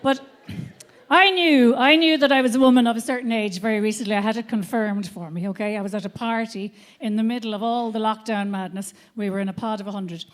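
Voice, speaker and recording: A woman in her fifties performs stand-up on a theatre stage before an audience, telling brash, profane stories with animated energy. Her voice is fairly high-pitched and she speaks a little fast.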